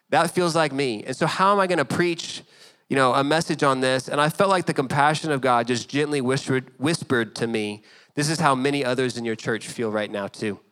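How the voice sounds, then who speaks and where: A man in his thirties delivering a sermon with an easy, conversational touch. His voice sits a bit high for a man, and he keeps checking in with the congregation as he acts out small scenes from the story. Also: fairly bright tone, clean tone. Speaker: pastor.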